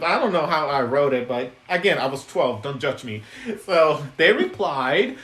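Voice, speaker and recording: Male puppet maker chatting on a live stream, a bit high-pitched, rambling and giggly, roomy sound. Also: big pitch swings, normal speed, a bit bright. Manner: chatty, giggly, lots of ums and restarts. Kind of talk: casual live stream chat. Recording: echoey room.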